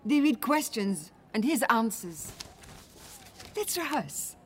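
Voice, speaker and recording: An actress playing a sharp-tongued, worldly friend who talks in a dry, teasing, brisk way. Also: female voice, on the high side, big pitch swings, slight background noise. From India.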